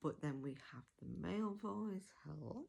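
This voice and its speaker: A woman with a low, gravelly voice talks through an audiobook review at an unhurried pace. She is chatty and enthusiastic, stopping to correct herself and filling gaps with ums. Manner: chatty and enthusiastic, with laughs, fillers and self-corrections. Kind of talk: casual spoken review.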